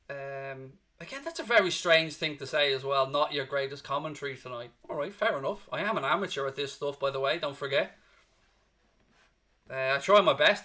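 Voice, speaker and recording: Bright-voiced worn-out male fan host. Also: on the high side. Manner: emotional, blunt, rambles on tangents. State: exhausted. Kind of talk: live post-match stream reading chat comments.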